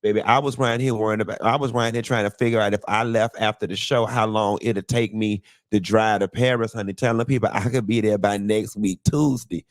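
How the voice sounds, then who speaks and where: A man's voice: lowish voice, fairly even intonation. Flamboyant, sassy male live-show host. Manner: flamboyant, sassy, drawn-out endearments; dramatic, playful rambling. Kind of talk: live-stream commentary.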